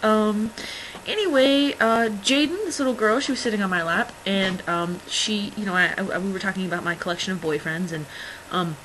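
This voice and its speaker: A woman's voice: medium pitch, normal speed, fairly bright tone, slight background noise, poor audio. A young woman vlogging in casual chat, rambling through stories with lots of fillers and wry, exasperated asides. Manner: rambling, filler-heavy storytelling.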